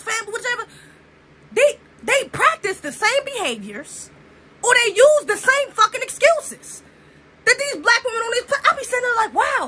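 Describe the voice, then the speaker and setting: A woman's voice: very high voice, noisy background. A young woman from the United States ranting to camera in an emphatic, profane way, firing off rhetorical questions. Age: young adult. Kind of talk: opinion rant to camera.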